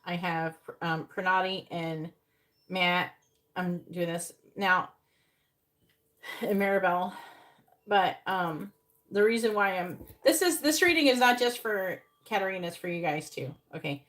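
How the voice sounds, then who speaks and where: A rambling woman in her forties reads tarot cards live for her viewers. Her voice sits a little low, and she drifts from thought to thought in a loose, chatty way, dropping casual curses along the way. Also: unhurried, a bit bright. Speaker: psychic tarot reader.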